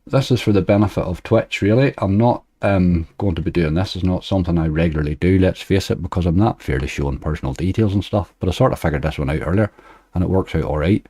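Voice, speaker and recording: Low, mellow-voiced man streaming. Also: quick pace, slightly rough, dry recording, studio quality. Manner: chatty, reading out viewer chat. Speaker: slots livestreamer. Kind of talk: casual live-stream chat. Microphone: desk microphone.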